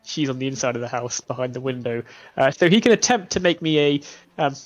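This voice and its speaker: A man's voice: medium pitch, lively intonation, a little fast, dry recording. A man running a tabletop game as game master, narrating with a hesitant pace full of fillers. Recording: dull lo-fi stream audio.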